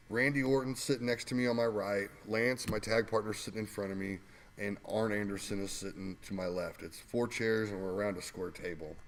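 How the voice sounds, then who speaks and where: Man, low voice, casual rambling storyteller, chuckles between lines. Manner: rambling, laughing anecdotes with fillers. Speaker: guest co-host telling wrestling stories.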